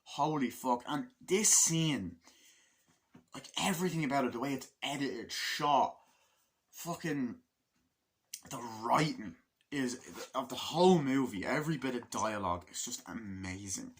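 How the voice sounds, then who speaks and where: Man, casual movie review, excitable, heavy swearing, acts out scenes, middle pitch. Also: a little slow, breathy edge. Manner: acts out scenes in raised voices.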